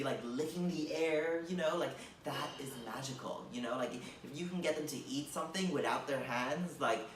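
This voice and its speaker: A young man doing stand-up, rambling and padding every thought with fillers. His voice sits at an ordinary pitch and reaches the mic from a distance. The room around him is echoey. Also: a bit bright, slight background noise. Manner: rambling, filler-heavy delivery with many likes and you knows. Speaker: stand-up comedian. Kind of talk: stand-up comedy set.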